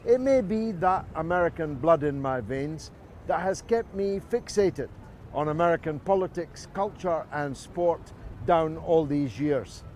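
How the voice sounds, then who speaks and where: A man's voice: a little high, lively intonation, measured pace, darkish tone, slight background noise. Scottish orator man, older, outdoors. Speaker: presenter. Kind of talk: scripted to-camera introduction.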